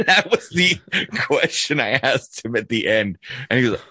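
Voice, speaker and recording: A man's voice: mid-range voice, animated, measured pace, pushed and bright, breathy edge, dry recording, clean studio sound. A man co-hosting a podcast, telling police stories in blunt, profane casual chat. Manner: blunt, profane storytelling with frequent laughs. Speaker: podcast co-host, police officer.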